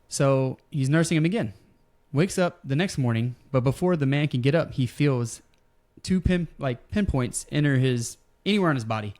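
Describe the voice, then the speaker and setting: A man's voice: medium pitch, lively intonation, fairly quick, few pauses, a little mellow. Man, podcast host, casual, storytelling, loose fillers. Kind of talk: casual wrestling podcast chat.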